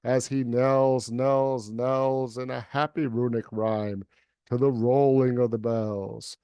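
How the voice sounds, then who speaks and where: A man's voice: medium pitch, level tone, takes it slowly, clear, resonant tone, dry recording, highs cut off. Man reciting poetry over a dry call. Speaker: poet reading at a livestream event. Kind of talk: dramatic poetry recitation, then casual chat.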